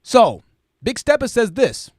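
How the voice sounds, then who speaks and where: Animated man with a high, swooping voice. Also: unhurried, dry recording, clean studio sound. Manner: animated, exclaiming, thinks aloud. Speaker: live-stream commentator. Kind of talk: commentary reading super chats.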